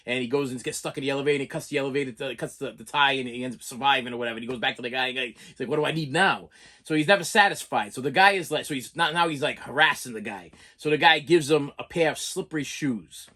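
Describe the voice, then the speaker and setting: A man's voice: medium pitch, fast, pushed and bright. A middle-aged man who collects movies, telling a long story in a casual, rambling way and often stammering and repeating words.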